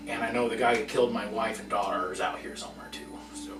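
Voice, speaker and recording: A man voicing a gruff lawman with a very thick New York accent who talks in halting starts. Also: fairly low pitch, steady tone, lightly acted. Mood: earnest. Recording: roomy, far-off mic with music behind.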